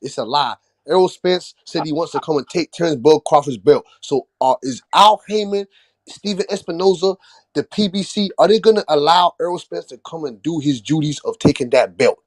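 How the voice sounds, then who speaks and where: A man in a heated casual boxing debate, loud and teasing, repeating himself for emphasis. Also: on the high side, normal speed, dry recording. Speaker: boxing podcast panelist.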